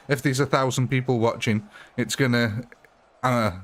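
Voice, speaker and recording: A man in the middle of a live stream, talking casually at his computer while a battle game runs. His pitch sits around the middle for a man, and he chats loosely with viewers, thanks them and laughs easily. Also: moderate pace.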